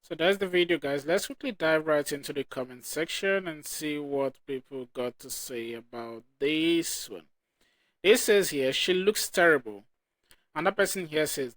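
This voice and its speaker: A man with a high voice hosts a reaction channel and reads viewer comments aloud one by one. His reading halts and restarts as he goes. The sound is dry and close, with no room echo. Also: fairly bright tone.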